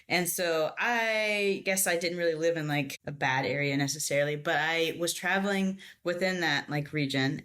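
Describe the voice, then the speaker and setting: A young adult woman, a podcast guest, telling a story in casual chat and acting out the people she quotes. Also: sits low. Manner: animated storytelling, acts out quoted voices.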